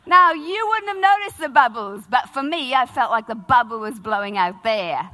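A middle-aged woman, preaching a sermon as a lively, humorous personal story. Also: on the high side, moderate pace. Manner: animated, humorous storytelling with acted-out quotes.

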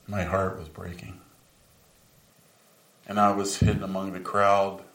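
A man's voice: deep voice, flat delivery, measured pace, fairly bright tone. A man performing a first-person dramatic monologue as the apostle Peter, remorseful over his denial, speaking earnestly in a large room and dropping to whispers at moments of grief. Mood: grave. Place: large room with a live audience. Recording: roomy sound from a distant mic.

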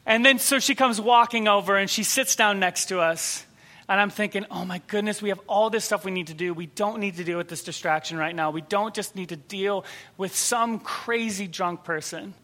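Man preaching, high bright voice, storytelling sermon, acts out quoted voices, goes soft and quiet at times. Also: normal speed. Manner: drops to a soft, quiet voice for tender moments. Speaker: pastor.

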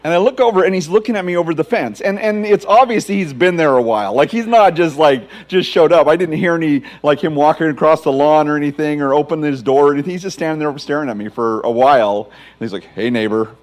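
A pastor in his forties preaching a sermon, his voice sitting a little high for a man. He moves from funny personal stories into scripture reading, with an animated, conversational delivery. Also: fast talker. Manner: storytelling with humor, lively.

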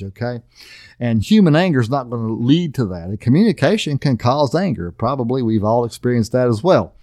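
Folksy pastor, dry close sound. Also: male voice, medium pitch, a little mellow, no echo. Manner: folksy, repeatedly asks "okay?". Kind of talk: conversational marriage sermon.

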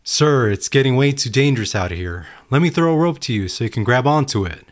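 A man's voice: mid-range voice, expressive, fairly quick, voice pushed up, lightly acted. A man voicing a rescuer on a boat pleading with a stranded man. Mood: urgent.

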